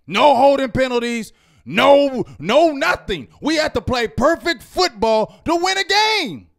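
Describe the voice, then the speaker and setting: A man hosting a sports reaction show, ranting heatedly and yelling at times. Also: very high voice, animated, unhurried, creaky. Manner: loud, fired-up, repetitive, yells at times. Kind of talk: heated fan rant.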